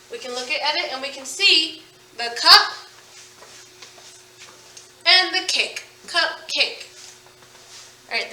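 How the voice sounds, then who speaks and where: A woman teaching a phonics lesson to children, sounding out words slowly and with emphasis. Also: sits high, pushed and bright, distant mic, slight background noise. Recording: echoey room, voice from off-mic.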